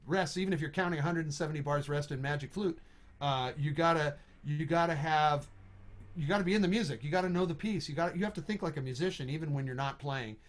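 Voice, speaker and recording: A man's voice: fairly high pitch, fast. A middle-aged man teaching trombone over a video call, talking casually, thinking aloud and singing rhythms on "da" syllables. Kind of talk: online music lesson.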